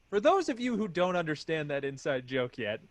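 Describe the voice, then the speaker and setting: A man's voice: a little high, very animated, moderate pace. A man hosting an improv comedy game show, upbeat and explaining the rules.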